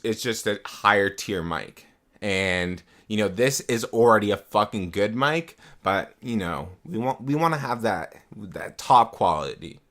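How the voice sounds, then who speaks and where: A man's voice: lowish voice, fairly bright tone. A young man chatting casually on a live stream, swearing often and repeating himself, into a desktop mic at home. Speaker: livestreamer. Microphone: desktop USB mic.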